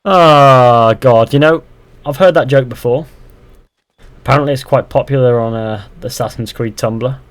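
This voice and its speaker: A man's voice: medium pitch, moderate pace. A young man live-streaming a game, chatting casually, reading viewer comments aloud and answering with dry sarcasm. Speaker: gaming streamer. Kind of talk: casual live-stream chat while playing.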